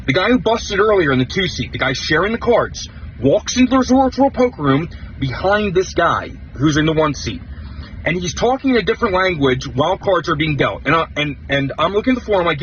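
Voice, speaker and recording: A young man with a fairly high, lively voice recounts a poker tournament in a heated rush, swearing as he goes. The clip sounds dull and muffled, with a faint hiss behind him. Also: brisk. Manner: animated, heated storytelling with casual swearing. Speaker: poker player telling his story.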